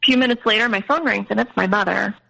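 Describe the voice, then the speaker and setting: A woman speaking as an interview guest, recounting her own experience candidly and conversationally. Her voice is bright and forward with a gravelly, fry-touched texture, and her pitch sits in the middle of the range. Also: fast talker, rough recording. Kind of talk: personal storytelling.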